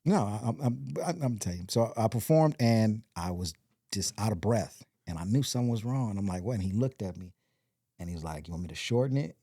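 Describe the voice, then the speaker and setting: Podcast guest: low-pitched man with a mellow tone and a dry close sound, rambling through a story. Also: brisk, no room sound. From Compton, California. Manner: rambling, animated retelling with quoted voices. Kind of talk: storytelling in casual interview.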